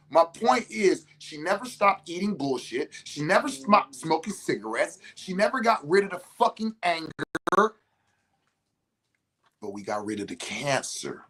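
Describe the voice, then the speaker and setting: Recorded indoors in a house, a man who works as a healer and host tells stories casually, cursing freely and acting out what others said in an animated way. His fairly high, husky voice has vocal fry, and he talks a little slowly, pausing often.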